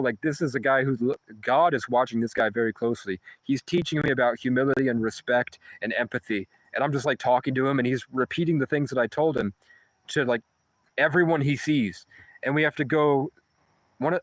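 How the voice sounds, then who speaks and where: A man's voice: mid-range voice, no echo, low-quality recording. A homeless man telling a long story casually, rambling and swearing, with many false starts. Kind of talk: casual first-person storytelling.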